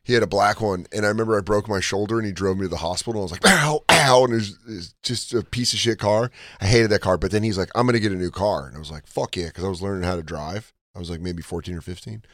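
A man's voice: deep voice, fairly even intonation, very fast, hardly any pauses, no echo, studio quality. A young man co-hosting a podcast, chatting casually and crudely, swearing and laughing as he tells stories. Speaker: podcast co-host. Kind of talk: casual chat.

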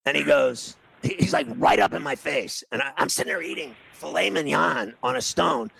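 A middle-aged man tells a casual anecdote and acts out every bit of quoted dialogue. His voice is heavily gravelly and full of fry. It has a bright, forceful edge. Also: a little high, very animated, moderate pace, poor audio. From New York City.

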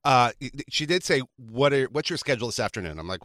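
A man's voice: medium pitch, lively intonation, fast talker, a bit bright, no echo, clean studio sound. A man in casual chat, joking and explaining with an easy manner.

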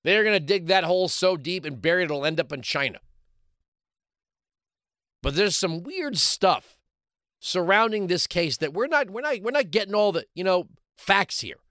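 Man, talk show host, opinion monologue, sarcastic, combative, slightly high voice, forceful. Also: animated, normal speed, no echo, clean studio sound.

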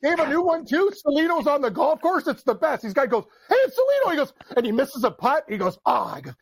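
A man guesting on a sports show, excitable and laughing as he mimics local commercials. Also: extremely high pitch, fast, dry recording. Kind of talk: casual sports chat.

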